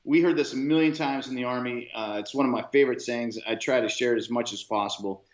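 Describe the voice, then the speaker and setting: A man's voice: mid-range voice, fast. A man co-hosting a podcast in casual chat, rambling along with many fillers and restarts. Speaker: podcast co-host. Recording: roomy, dull lo-fi sound.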